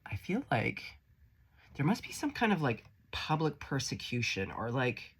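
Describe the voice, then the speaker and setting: A man with a husky, lively voice gives a casual tarot reading. He talks in a chatty, encouraging way and swears freely as he lays out each card. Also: medium pitch, a little slow. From Canada. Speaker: tarot reader.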